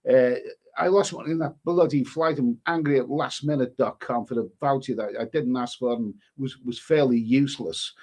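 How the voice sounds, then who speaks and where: A man's voice: medium pitch, normal speed, darkish tone. A man hosting a travel live stream, reading viewer comments aloud and rambling in an exasperated way. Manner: rambling, exasperated, swears mildly.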